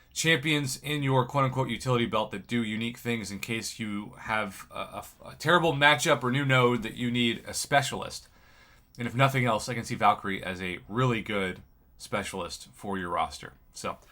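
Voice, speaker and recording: Man, groggy voice, bright tone, casual gameplay commentary, analytical and upbeat, middle pitch. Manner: analytical, upbeat, explains over footage. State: groggy after poor sleep. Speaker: gaming video host.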